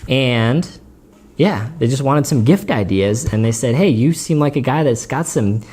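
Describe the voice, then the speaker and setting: A man's voice: mid-range voice, expressive, unhurried, mellow, husky. A man with a runny nose hosting a casual gear vlog, chatty and rambling, often breaking into giggles, recorded in his dining room at home. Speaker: gear channel host.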